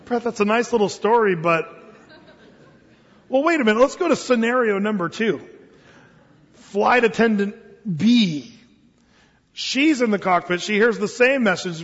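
High-voiced husky preacher man. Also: animated, measured pace, long pauses, long reverb tail, highs cut off. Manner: dramatic, shifting between hushed and emphatic. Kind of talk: sermon storytelling.

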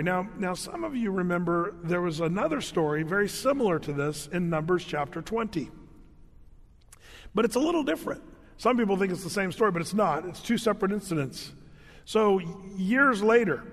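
A man preaching a conversational Bible-teaching sermon, telling the story with humor and acting out the speakers he quotes. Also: sits high. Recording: long reverb of a large hall.

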